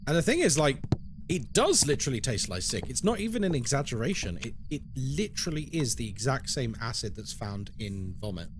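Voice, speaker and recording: Lively British man streaming games. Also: medium pitch, a little fast, background noise. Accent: British English. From Britain. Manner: chatty, animated, reads chat aloud and answers it. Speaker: horror game streamer. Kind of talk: casual live-stream chat.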